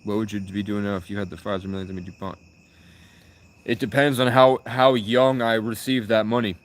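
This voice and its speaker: Rambling low-voiced young man livestreaming. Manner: rambling, restarts, loud bursts. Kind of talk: rambling casual livestream chat.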